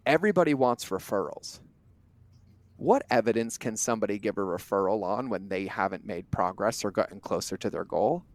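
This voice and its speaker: A man as a podcast guest, talking in an emphatic, animated way with casual language and occasional swearing. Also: fairly low pitch, brisk, no room sound. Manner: emphatic, animated storyteller who acts out quoted exchanges. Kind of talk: conversational interview talk.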